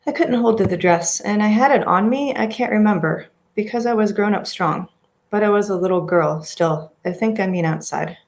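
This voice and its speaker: A woman reading a horror story aloud, speaking as an eerie, calm little girl in a flat, matter-of-fact way. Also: mid-range voice, normal speed, natural voice. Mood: uneasy. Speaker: reader.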